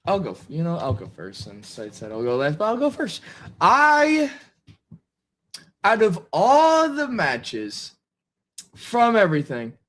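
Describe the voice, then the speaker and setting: A man with a fairly high voice that rises and falls a lot, chatting on a wrestling podcast. He rambles, restarts his sentences and laughs easily. His tone stays loose and conversational. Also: huge pitch swings, unhurried, pauses often, a bit bright. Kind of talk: casual podcast chat.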